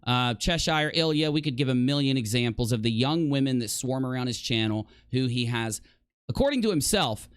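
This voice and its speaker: A man's voice: high voice, fairly bright tone, no echo. A man hosting a commentary channel, arguing indignantly and sarcastically against clips he plays. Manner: indignant, sarcastic, rapid-fire questions. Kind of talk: heated commentary over played clips.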